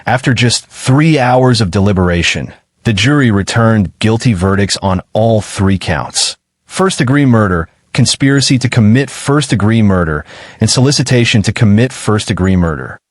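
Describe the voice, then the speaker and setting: Low-voiced male true-crime narrator. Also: lively intonation, normal speed, no room sound, studio quality.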